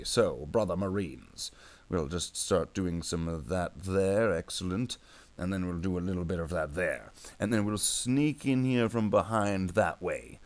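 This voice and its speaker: A man streaming himself painting miniatures, chatting casually and jokily in a space marine persona and calling his viewers brothers. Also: deep voice. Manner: rambling and jokey, calls viewers "brother Marines".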